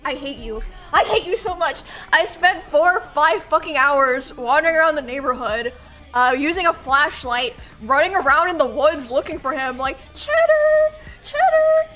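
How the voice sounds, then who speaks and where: A young woman streamer telling a story casually and animatedly, swearing and acting out shouts. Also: sits high, normal speed, faint music behind.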